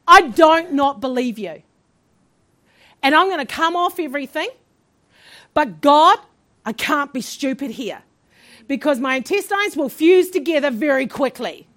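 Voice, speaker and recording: High, lively woman pastor preaching. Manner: animated storytelling, laughing asides. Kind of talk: sermon testimony.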